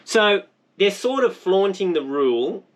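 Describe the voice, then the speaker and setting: A man's voice: high-pitched, very animated, a little slow. An Australian man narrating his spearfishing vlog in a rambling, jokey, self-mocking way. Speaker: spearfishing vlogger.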